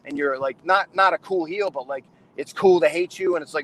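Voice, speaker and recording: A middle-aged wrestling trainer and show host, fairly high-pitched and fast with hardly any pauses, hosts a wrestling trainers' chat. He rambles casually and emphatically, restarts often, and calls people "man" and "brother" in an animated way. The audio is poor.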